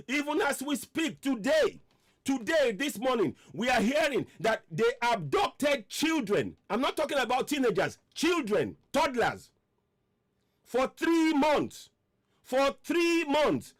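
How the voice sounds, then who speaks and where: A man hosting a radio commentary, his voice pitched high and swinging widely as he presses his point. He piles up repeated rhetorical questions with mounting force. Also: fairly bright tone. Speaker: online radio host. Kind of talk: impassioned political commentary.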